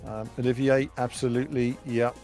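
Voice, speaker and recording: A man's voice: medium pitch, flat delivery, brisk, darkish tone, faint music behind. Dry, sarcastic man. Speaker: stream co-host. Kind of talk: casual reaction commentary.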